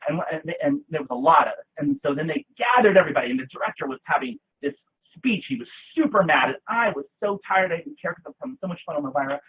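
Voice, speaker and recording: A man guest in an interview, telling animated, theatrical stories in a casual chat. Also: fairly high pitch, fast, breathy edge. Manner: lively, theatrical storyteller with bursts of laughter. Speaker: guest, actor. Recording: tinny lo-fi line.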